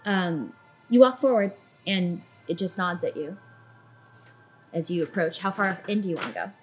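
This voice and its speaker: A woman narrating a tabletop game as dungeon master, in descriptive, sometimes halting narration. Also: on the low side, soft background music.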